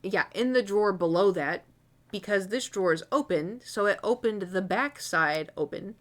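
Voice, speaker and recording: A young woman chats to her viewers from her room at home, picked up by a desk mic. She rambles candidly, full of "like" and the odd curse, her pitch sitting in an ordinary middle range. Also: normal speed. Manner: rambling, candid and swearing, many fillers. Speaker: streamer. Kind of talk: casual chat.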